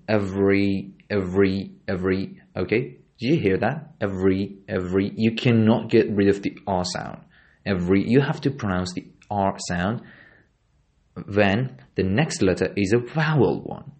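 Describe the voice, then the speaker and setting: A man's voice: lowish voice, a little mellow. A man hosting a solo podcast pronunciation lesson, talking hesitantly and repeating example words over and over to demonstrate. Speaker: podcast host teaching pronunciation.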